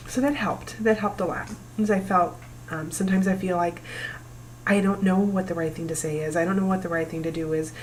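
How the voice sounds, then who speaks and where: A woman in her forties talking to camera about her family's past, emotional and halting, pausing often. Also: fairly low pitch, steady tone, background noise. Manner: emotional, halting, breaks down at times. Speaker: vlogger. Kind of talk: personal talk to camera.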